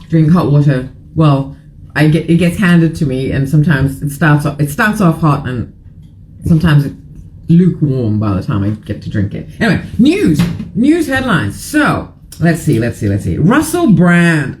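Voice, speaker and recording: A woman's voice: deep voice, darkish tone, a little hiss or hum, low-quality recording. A middle-aged woman hosting a casual morning chat show, rambling and frank, a little tired. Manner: chatty, rambling, frank and irreverent. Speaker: live show host.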